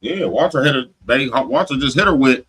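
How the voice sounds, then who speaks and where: Male podcast host, bright and husky, loose profane storyteller. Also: medium pitch, fairly quick, low-quality recording. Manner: animated, swears heavily, restarts often.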